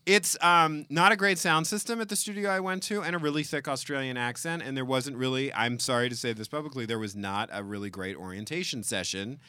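A man in his forties co-hosting a podcast, chatting casually, animated and self-deprecating with frequent laughs. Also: mid-range voice, fairly quick, hardly any pauses, clear, resonant tone, no room sound, studio quality. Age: 40s. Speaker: podcast co-host. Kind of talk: casual banter.

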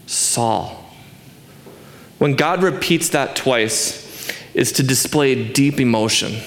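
A man's voice: fairly high pitch, fairly bright tone. Pastor guy in his 40s, earnest emphatic sermon, church room echo. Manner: earnest, emphatic preaching with rhetorical questions. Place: church sanctuary.

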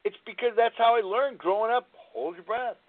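A man in his sixties hosts a live talk radio show and tells blunt personal stories, often restarting his sentences. His voice sits fairly high for a man. The sound is thin and tinny, as if heard over a phone line. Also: a little fast. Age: 60s. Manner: candid, rambling storytelling with frequent restarts.

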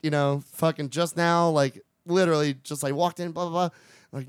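A man's voice: fairly high pitch, steady tone, normal speed, smooth, dry recording. A man chats on a podcast in a small studio, his voice sitting a bit above the usual male range. He rambles through a long anecdote full of swearing, acting out quotes and breaking into laughter. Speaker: podcast host. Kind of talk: casual storytelling chat.

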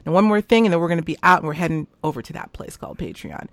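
A woman's voice: sits low, lively intonation, racing, no room sound. A woman hosting a casual chat show, effusive and emotional as she thanks her guest and supporters. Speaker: host.

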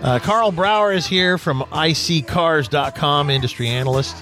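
A man's voice: on the high side, moderate pace, music in the background. A man hosting a radio talk show about cars, chatting casually and telling jokey stories. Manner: jokey, lively storytelling.

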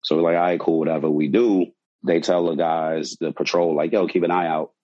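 A man's voice: sits low, fairly quick, lo-fi sound. A man, a bartender, telling a wild story from his shift in a casual, profane way, acting out quotes. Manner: animated, profane, acts out quotes.

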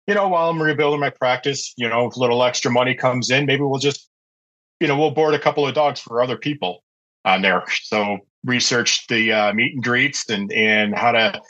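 A man's voice: mid-range voice, a little fast, bright, forceful tone, dull audio. A middle-aged man telling a long personal story as a podcast guest, chatty and anecdotal with many fillers and restarts. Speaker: podcast guest, pet care business owner. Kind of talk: casual storytelling interview.

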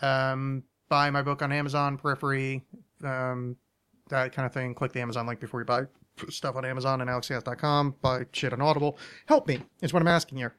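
A man's voice: mid-range voice, level tone, brisk, bright, forceful tone, smooth. A man hosting a casual podcast chat, rambling and self-deprecating, often stopping and restarting his sentences. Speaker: podcast host.

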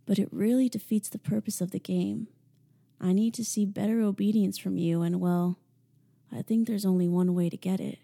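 A woman voicing a teasing, controlling young man who speaks softly and calmly in an audiobook. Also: medium pitch, creaky. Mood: calm commanding. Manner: soft, slow, menacing calm.

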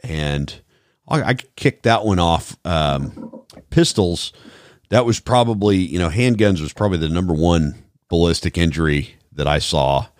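A man hosting a podcast, talking in a measured, thoughtful way with many fillers. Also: sits low, lively intonation, no echo, studio quality. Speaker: podcast host, former trauma responder. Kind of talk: casual podcast conversation.

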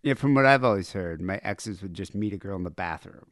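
A man hosting a podcast, chatting casually in a relaxed, rambling way. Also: low-pitched, a little fast, a loud crowd. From United States. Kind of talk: casual chat.

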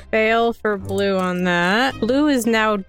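A woman running a tabletop role-playing game as game master, briskly narrating the rolls and often laughing. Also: medium pitch, over music.

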